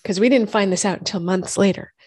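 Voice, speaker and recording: A woman, a doctor and host telling her own health story in lively conversation, acting out what others said. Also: mid-range voice, brisk, slightly rough, dry recording, clean studio sound. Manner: animated storytelling, acts out quoted voices. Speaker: functional medicine gynecologist and podcast host.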